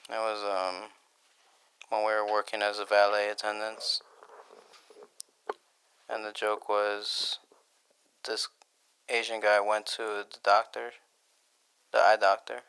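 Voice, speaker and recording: A man co-hosting a podcast in casual chat, asking quick questions and laughing easily. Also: fairly low pitch, monotone, fairly bright tone, clear, resonant tone, rough recording. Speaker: podcast co-host.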